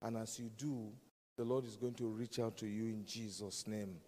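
A man's voice: lowish voice, fairly even intonation, normal speed, mellow. A man preaching a sermon, emphatic and fond of repeating key phrases. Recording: long reverb of a large hall.

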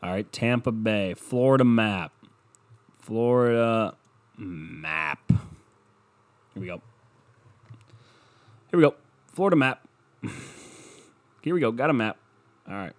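A man with a lowish voice and lively intonation speaks slowly, pausing often, as he hosts a casual solo podcast. Using a computer mic at his desk, he rambles and swears sarcastically while browsing online maps.

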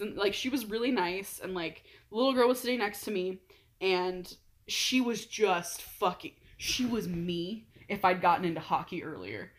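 A young woman chatting casually as a podcast co-host, excitable, swearing freely and laughing often. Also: medium pitch. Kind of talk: casual chat, storytelling.

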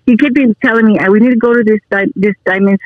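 A woman's voice: mid-range voice, fairly even intonation, fast talker, no room sound, phone-quality sound. A woman in her forties, a guest telling stories in a casual chat and laughing easily. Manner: chatty storyteller, laughs easily.

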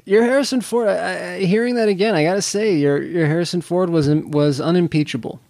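A man co-hosting a casual podcast, with a fairly high voice. He chats freely and stumbles over his words as he restarts. The sound is dry, with no room echo. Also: fairly quick, gravelly, a little mellow. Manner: chatty, repeats words when he restarts. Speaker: podcast co-host. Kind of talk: casual chat.

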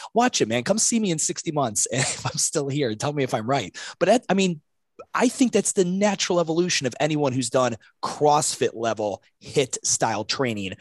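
A man's voice: on the high side, no room sound. A man hosting a casual interview, telling stories with acted-out dialogue and folksy sayings. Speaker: podcast host, former gym owner.

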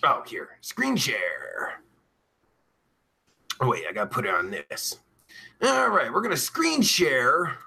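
A man's voice: mid-range voice, wildly swooping pitch, slow pace, creaky, pauses often, bright, forceful tone, slightly rough. A man hosting a live-streamed show, reading out viewer comments in rambling, heavily profane casual chat with crude jokes. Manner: jokey and crude. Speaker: podcast host.

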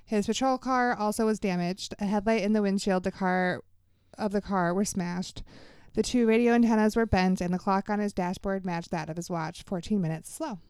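Smooth-voiced woman podcast host. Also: medium pitch, fairly even intonation, moderate pace, darkish tone, dry recording, studio quality. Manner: reads news articles aloud with fillers and laughs. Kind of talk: casual podcast chat.

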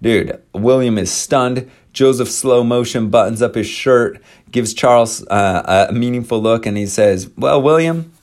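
A man casually retelling a historical story, animated, with slang, fillers and acted-out quotes. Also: medium pitch, a little slow. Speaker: storyteller presenting church history.

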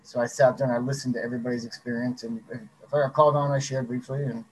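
A man talking quickly and loosely on a casual recovery podcast, with lots of fillers. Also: medium pitch, flat delivery, slight background noise, low-quality recording. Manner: quick, loose talk full of fillers like "like" and "you know". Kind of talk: casual recovery-group chat.

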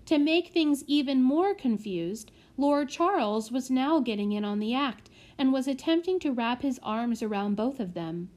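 A woman narrating a children's audiobook in a measured way. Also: high voice, expressive, darkish tone. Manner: measured, with small slips corrected.

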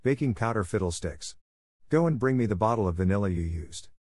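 A man's voice: lowish voice, animated, brisk, darkish tone, no room sound. A man reading aloud and voicing a stern, dry older woman guardian who speaks curtly and sniffs at nonsense. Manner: curt and sniffing.

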